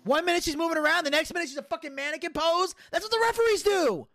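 A man's voice: very high-pitched, quick pace, vocal fry, a bit bright. A man co-hosting a casual podcast, ranting heatedly and profanely and arguing through rhetorical questions. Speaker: podcast co-host.

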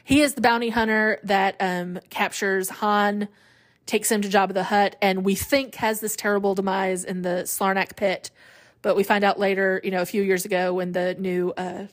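A woman hosting a podcast, talking casually on her own, chatty and often laughing. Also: mid-range voice. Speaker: podcast host. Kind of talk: casual solo podcast monologue.

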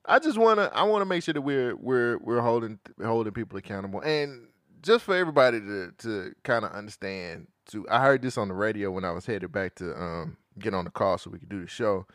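A man co-hosting a podcast in casual chat, slangy and animated, with frequent profanity. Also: on the low side, fairly quick, no room sound, studio quality. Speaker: podcast co-host.

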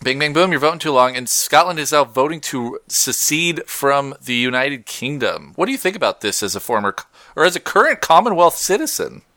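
Lively bright-voiced man chatting casually. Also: on the high side, brisk, dry recording, clean studio sound. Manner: rambling, self-correcting, laughs often. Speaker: podcast co-host. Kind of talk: casual chat.

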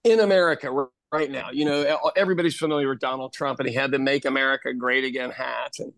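A man's voice: medium pitch, quick pace, creaky, dry recording. A man around sixty, telling stories in casual, profane chat as a podcast host. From Ireland. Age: about 60. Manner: animated storyteller, swears freely. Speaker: podcast host and pub owner.

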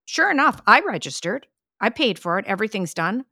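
Older woman, gravelly and bright-edged, chatty storyteller, casual podcast chat, close dry mic. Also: mid-range voice, very animated, fairly quick, dry recording. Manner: chatty storyteller, exclaims, laughs. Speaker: podcast co-host, mother.

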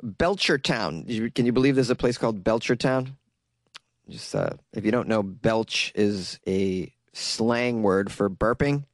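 Speaking in a lowish, unhurried voice with no echo, a young Massachusetts man with the local accent pokes sarcastic fun at a strange news item. He's a comedic news commentator who keeps cracking himself up.

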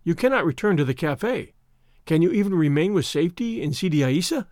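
A man reading aloud and voicing a strong, calm adventurer who speaks in a measured, courteous way. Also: on the high side, no room sound, studio quality, natural voice.

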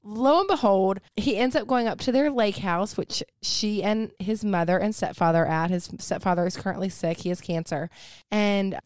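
Slightly hoarse woman recapping a book. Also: mid-range voice, moderate pace, a little mellow, dry recording, clean studio sound. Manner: chatty, summarizing plot. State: hoarse, recovering from laryngitis. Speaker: podcast co-host. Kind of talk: casual book discussion.

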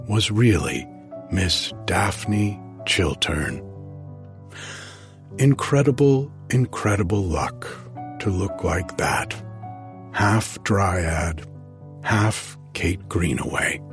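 A man narrating an audiobook in a measured, expressive storytelling manner. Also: low-pitched.

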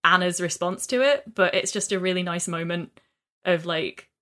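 A woman's voice: on the low side, normal speed, pushed and bright. A woman co-hosting a casual podcast, retelling a game story with enthusiasm and many fillers. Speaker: podcast co-host.

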